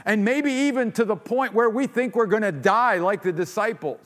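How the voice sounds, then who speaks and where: This pastor's voice is a bit bright and moves at normal speed as he delivers an earnest sermon. When he acts out quoted voices, his pitch rises, and he finishes by leading a closing prayer. The church sanctuary gives the recording a large hall's long reverb.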